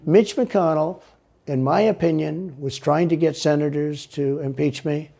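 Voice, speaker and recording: Gravelly, husky man rambling emphatically. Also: fairly high pitch, unhurried, mellow. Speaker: interview guest. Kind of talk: political interview answers.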